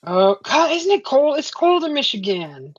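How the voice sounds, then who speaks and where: A woman's voice: high-pitched, big pitch swings, unhurried, no echo. Chatty woman hosting a home livestream. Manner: chatty, rambling, many "uh" fillers, laughs often. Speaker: livestream host. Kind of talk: casual livestream chat, reading viewer comments. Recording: dull lo-fi stream audio, faint music.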